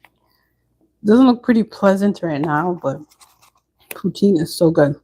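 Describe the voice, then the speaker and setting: A woman's voice: lowish voice, expressive, takes it slowly, warm tone, husky, rough recording. Chatty woman live-streaming at home. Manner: chatty, answers viewers' comments as she goes. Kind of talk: casual live-stream chat with viewers.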